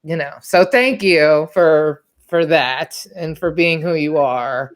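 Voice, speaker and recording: Low-voiced woman telling a story. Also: slow pace. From Washington, D.C. area. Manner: chatty and candid, swears freely, many fillers. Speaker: podcast host. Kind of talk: casual storytelling chat.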